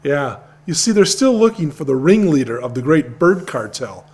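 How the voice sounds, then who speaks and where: A man's voice: a little high, sing-song, normal speed, a little mellow. An actor playing a scheming small-town man blackmailing his cousin in a comic radio soap, sly and drawling.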